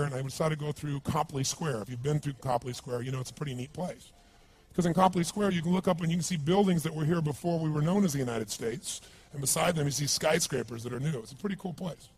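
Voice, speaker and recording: A male motivational speaker with a husky, raspy voice that sits a little high. He talks emphatically, mixing stories with questions thrown to the audience. Quiet music plays underneath. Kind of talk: seminar talk to a live audience.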